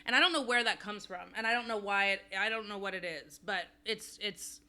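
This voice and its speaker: A woman's voice: mid-range voice, brisk, sharp tone. A woman co-hosting a podcast, chatting candidly and rambling in a self-deprecating way. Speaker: podcast co-host. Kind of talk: casual chat.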